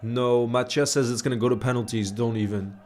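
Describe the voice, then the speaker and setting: A man at a middling pitch hosts a football watch-along stream with easygoing, friendly chatter. He reads out viewer messages and gives them shout-outs in a relaxed, matey way between his reactions to the game. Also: fairly quick. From grew up largely in New York. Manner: laid-back and chummy, calling viewers "bro" and giving shout-outs. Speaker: livestream host of a match watch-along. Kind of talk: casual live watch-along chat, reading out viewer messages.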